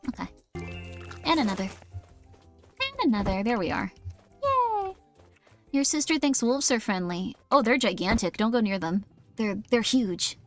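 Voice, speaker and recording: A woman's voice: a little high, expressive, moderate pace, soft background music. A woman streaming a game in casual chat, rambling and self-mocking, reading chat as she plays. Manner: rambling, self-mocking, jumps into quoted voices.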